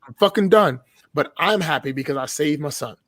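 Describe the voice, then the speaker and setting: A man's voice: a little high, expressive, brisk, over a noisy crowd. A man, telling stories in an emphatic, profane way on a casual podcast. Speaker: podcast guest.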